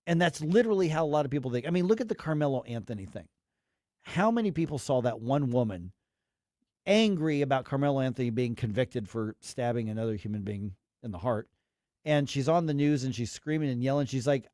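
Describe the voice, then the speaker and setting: A man's voice: medium pitch, brisk, dark tone, no room sound, studio quality. A man hosting a talk radio show, giving emphatic, rambling opinions with acted quotes.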